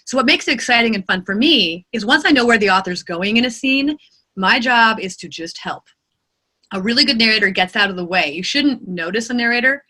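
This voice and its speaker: A woman with a bright, forceful voice sitting a touch higher than most, talking about her narration work. She speaks in an animated, expressive way, as an experienced voice actor would. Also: brisk. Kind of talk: interview answers.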